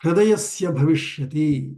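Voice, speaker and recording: Slow, patient male scripture teacher. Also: on the high side, vocal fry, warm tone. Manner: slow, patient word-by-word explanation with many fillers. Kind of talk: weekly online class explaining a chanted text.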